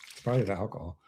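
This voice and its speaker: A man hosting a casual live stream from his computer, rambling and interrupting himself, laughing often, with his voice going a bit hoarse. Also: on the low side, mellow. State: losing his voice. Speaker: actor and web series creator hosting a live stream.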